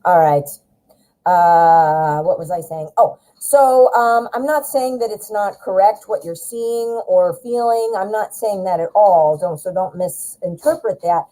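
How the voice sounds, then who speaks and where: A woman's voice: medium pitch, measured pace, mellow, low-quality recording. Chatty woman giving a tarot reading. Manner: chatty, talks straight to the viewer, reassuring. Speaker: tarot reader. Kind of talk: live-streamed tarot reading.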